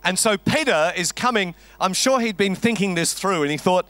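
A man's voice: sits high, lively intonation, normal speed, few pauses, a bit bright, no room sound, soft background music. A man preaching a sermon, telling a story with a wry, conversational humor. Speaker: pastor.

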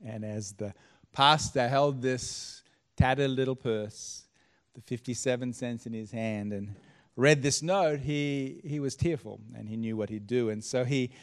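A man, a pastor telling a story in a sermon, setting each scene with dramatic pauses. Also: mid-range voice.

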